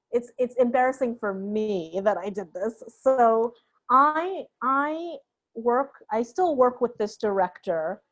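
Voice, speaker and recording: A young adult woman guest on an interview, telling a story in a lively, laughing way and acting out the voices of the people in it. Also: a little high. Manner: animated, laughing, acts out quoted voices. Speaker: guest sound designer.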